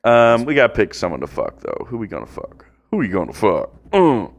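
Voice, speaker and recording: A man's voice: on the low side, a little fast. Crude joking man, casual banter. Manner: crude, joking, bursts into excited yelling. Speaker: podcast co-host calling a baseball game.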